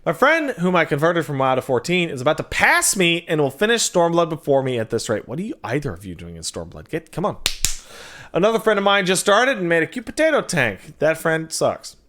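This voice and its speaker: A man hosting a game livestream, thanking viewers and reading their messages in a loose, joking chat. His voice sits a bit above the usual male pitch and swings up and down in a very animated way, with quick throwaway asides. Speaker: game streamer.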